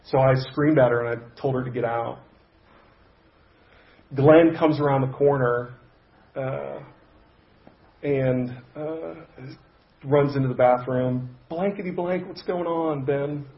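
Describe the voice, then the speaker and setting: A man pastor telling a personal story in a sermon, conversational and halting, with frequent restarts. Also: mid-range voice, fairly even intonation, creaky, reverberant, muffled recording. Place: church sanctuary.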